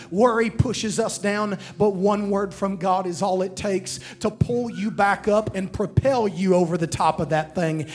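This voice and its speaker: High-voiced preacher man over soft music. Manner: preaching with call-and-response to the congregation. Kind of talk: sermon.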